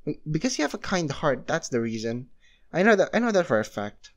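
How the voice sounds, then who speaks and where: A man's voice: on the high side, very animated, a little fast. A man voicing a kind young male devil hero who stammers and hesitates, in a fan story read aloud. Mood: friendly.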